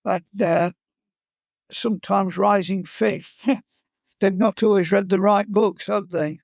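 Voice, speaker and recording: A man's voice: high-pitched, fairly even intonation, takes it slowly, vocal fry, no room sound. A man who teaches fly casting and guides, chatting in an interview and telling humorous stories. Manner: humorous, anecdotal storyteller. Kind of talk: casual interview chat.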